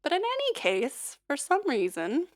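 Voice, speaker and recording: A hoarse woman singer and livestreamer chatting casually and leading a vocal warm-up, rambling with lots of fillers and little laughs. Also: high-pitched, huge pitch swings, unhurried. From United States.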